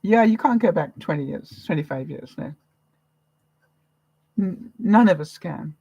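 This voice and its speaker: A woman's voice: on the low side, animated, measured pace, creaky, warm tone, slightly rough, no room sound, muffled recording. A woman from Canada hosting a live vlog, giving viewers an encouraging, motherly pep talk. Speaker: vlogger host. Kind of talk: live-stream chat with viewers.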